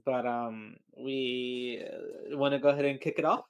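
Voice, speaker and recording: A man's voice: mid-range voice, steady tone, unhurried, clear, resonant tone. A man co-hosting a podcast, casually recapping a horror movie, joking and trailing off mid-thought. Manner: loose, joking, trails off often. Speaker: podcast co-host.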